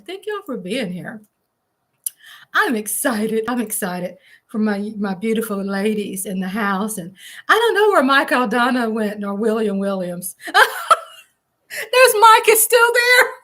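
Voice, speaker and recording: Slow-talking woman hosting a live stream. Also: mid-range voice, animated, a bit bright. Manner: reads viewer comments aloud, laughs often. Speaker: livestream host. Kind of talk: casual live watch-party chat.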